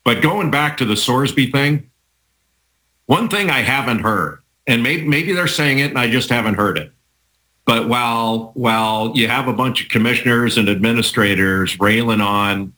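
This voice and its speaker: A man talking through a legal argument in a casual sports debate, measured with frequent restarts. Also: medium pitch, sharp tone, low-quality recording.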